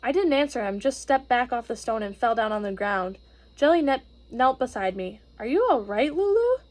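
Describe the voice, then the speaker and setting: A woman reading a storybook aloud to children, expressive and gently explaining. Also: on the high side, moderate pace.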